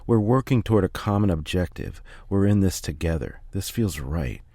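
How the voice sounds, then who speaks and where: A man reading a first-person memoir aloud in a steady, measured way. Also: low-pitched, dry recording. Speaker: audiobook reader.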